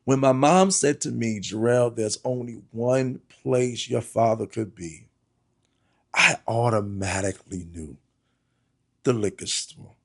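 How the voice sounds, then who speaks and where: A man's voice: medium pitch, slow, gravelly. A middle-aged man, a pastor, earnestly telling a personal testimony, often repeating words and calling listeners "y'all".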